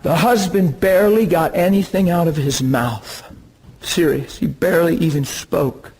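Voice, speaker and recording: A man preaching, telling a story from his ministry in an animated way with bursts of excitement. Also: on the high side, measured pace, husky, rough recording. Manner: animated, laughs and bursts into excitement while recounting. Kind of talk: sermon storytelling.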